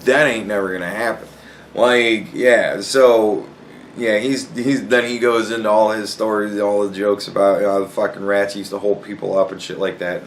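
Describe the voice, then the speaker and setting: A man's voice: on the low side, measured pace, slight background noise. A man casually telling a funny story from work, swearing often and breaking into laughter as he goes. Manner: profane, animated, laughing a lot while telling. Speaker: podcast host.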